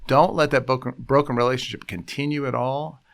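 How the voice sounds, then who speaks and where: A man's voice: mid-range voice, fairly even intonation, fairly quick, creaky, fairly bright tone. A man, a pastor, talking casually in a conversation, rambling with restarts and acting out quotes. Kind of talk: casual conversational podcast talk.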